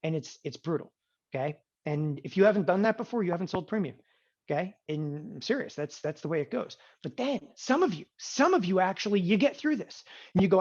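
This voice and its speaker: A man teaching an options trading class, animated and sarcastic, often acting out students' voices. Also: high-pitched, fairly quick. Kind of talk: classroom lecture. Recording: dull lo-fi sound.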